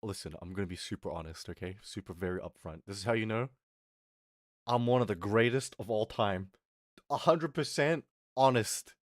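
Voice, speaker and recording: A young man streamer telling a story in a casual rant, animated and swearing, acting out what people said. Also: lowish voice, moderate pace, no room sound, clean studio sound.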